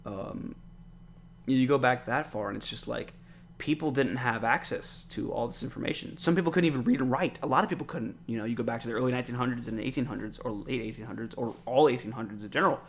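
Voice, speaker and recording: A man's voice: medium pitch, fast, vocal fry, slight background noise. Young male podcaster, casual and profane, rambles through an exasperated solo monologue. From United States. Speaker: podcast host.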